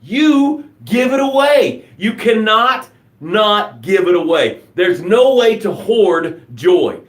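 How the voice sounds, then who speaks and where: Male motivational host, high voice, upbeat and preachy, echoey room. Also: sing-song, takes it slowly. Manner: enthusiastic, preachy, jokes and laughs at himself. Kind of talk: live motivational broadcast.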